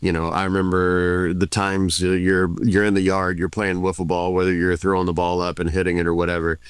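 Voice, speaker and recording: A man in his forties, a former baseball pitcher, answering interview questions in a laid-back, reflective way with frequent restarts. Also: little pitch movement, a little fast, clear, resonant tone, dry recording. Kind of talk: casual interview.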